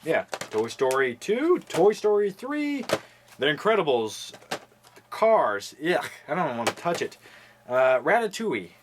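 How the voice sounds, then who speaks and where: Young male host, casual wisecracking chat, lively pitch, audible hiss. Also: unhurried. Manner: wisecracking, offhand, swears casually. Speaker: video host reviewing his movie collection. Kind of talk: casual chat with jokes and impressions. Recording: noisy home recording.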